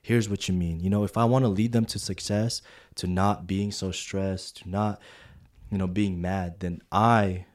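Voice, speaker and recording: Deep voice, man, casual podcast chat, storytelling. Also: measured pace. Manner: storytelling, animated when quoting. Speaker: podcast co-host.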